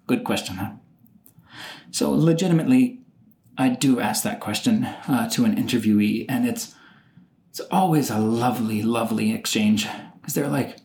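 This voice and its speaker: A man's voice: mid-range voice, expressive, moderate pace, long pauses, a little mellow. A man hosting his own solo podcast, talking casually and animatedly, often acting out what other people say. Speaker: podcast host. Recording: roomy echo.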